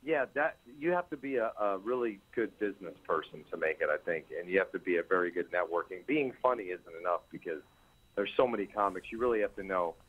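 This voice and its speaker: A man's voice: low voice, expressive, fast, breathy edge. A man calling in on a cell phone, chatting in a laid-back, joking way. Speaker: caller. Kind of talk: phone call-in chat. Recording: muffled phone line.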